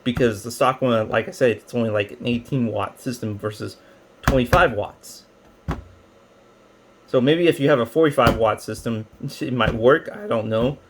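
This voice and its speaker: A man talks through a gadget review in a loose, rambling way, full of ums and restarts. His voice sits at an ordinary middle pitch. A faint hiss of noise stays under the recording. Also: moderate pace. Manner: rambling, filler-heavy explaining. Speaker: tech reviewer. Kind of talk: casual product review.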